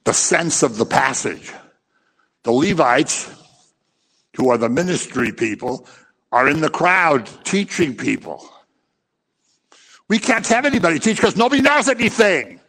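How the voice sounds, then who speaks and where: A man's voice: on the high side, big pitch swings, a little slow, pauses often, fairly bright tone, husky, in a large hall. A man preaching a sermon, impassioned and scolding, who acts out little scenes as he goes.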